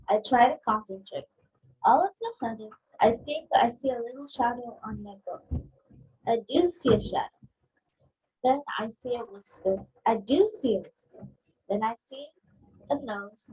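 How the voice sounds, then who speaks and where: Breathy woman reading a picture book aloud. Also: on the high side, low-quality recording. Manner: expressive, acting out sound effects. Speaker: book club reader.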